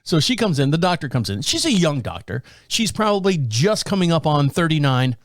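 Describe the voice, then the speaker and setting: Brisk and fairly high-pitched, a man hosting a podcast shares a casual story, laughing often and animatedly imitating the voices of those in it. The clean studio sound has no room sound.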